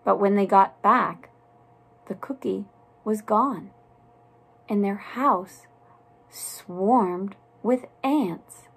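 A woman reads a children's story aloud at a very slow, careful pace. Her narration is soft and deliberate with a plain mid-range voice. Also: mid-range voice, creaky, slightly rough. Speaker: storybook reader.

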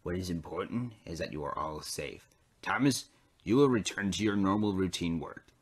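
A man voicing a stout railway boss in a toy train story who speaks quietly and measured, with pauses. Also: sits low, expressive, husky. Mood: stern.

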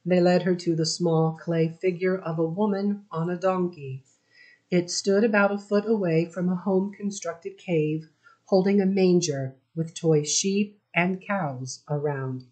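Slow, low-voiced woman narrator. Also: a little mellow. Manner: slow, measured reading. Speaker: audiobook reader. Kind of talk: scripted narration.

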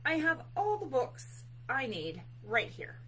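Grumpy pompous storybook bear guy, loud and higher up, stiff fussy words, a lady reading him out. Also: sing-song, fairly quick, slight background noise. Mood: indignant. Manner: pompous, indignant, formal phrasing.

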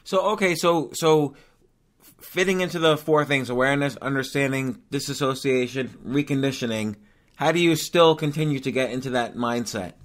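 A male podcast host with a voice of middle pitch. He asks his questions hesitantly, repeating a word or two as he settles into them. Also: moderate pace. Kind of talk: podcast interview.

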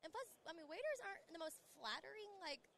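A woman's voice: very high-pitched, big pitch swings, fast, vocal fry, bright, forceful tone. A young woman from Missouri, a guest on a podcast recorded at a trade show, chatting casually with folksy slang and frequent laughter. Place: busy trade show floor.

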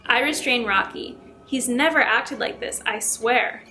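A woman YouTuber reading short scary stories aloud in a chatty, expressive way. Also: fairly high pitch, a little slow, faint music behind. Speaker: YouTube storyteller.

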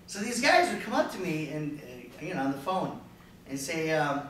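A man giving a jokey talk on sales to a live audience, lively and slipping into silly voices. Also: a little high, moderate pace. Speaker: sales speaker. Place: room with an audience. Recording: echoey room from a distance, faint noise.

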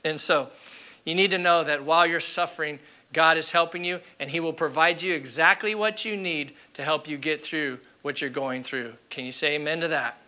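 A man's voice: a little high, steady tone, moderate pace, bright, forceful tone. A man, a pastor, preaching a sermon in an earnest, candid storytelling way, repeating key phrases for emphasis. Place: church sanctuary.

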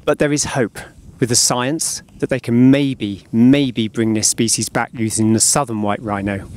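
Soft-spoken earnest man outdoors. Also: mid-range voice, fairly even intonation. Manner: slow, hushed and heartfelt. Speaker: artist presenting to schoolchildren. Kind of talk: earnest outdoor video address. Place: outdoor wildlife enclosure.

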